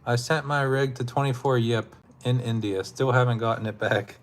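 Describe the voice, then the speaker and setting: A man's voice: medium pitch, fairly even intonation, moderate pace. A man hosting a casual live stream, laid-back and laughing often as he talks with his chat, his throat sore from hours of talking.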